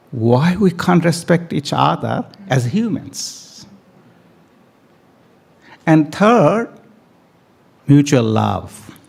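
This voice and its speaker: Man, gravelly voice, slow deliberate pace, lively pitch swings, emphatic public speech. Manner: emphatic, repeats key phrases, stretches words for stress. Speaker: speaker at a family day event. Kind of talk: speech to an audience. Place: event hall.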